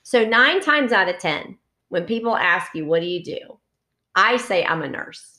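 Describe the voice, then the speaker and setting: A woman's voice: mid-range voice, normal speed. A middle-aged woman, a lactation consultant co-hosting a podcast, telling stories in casual chat and acting out the people she quotes. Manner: animated storyteller acting out quoted voices.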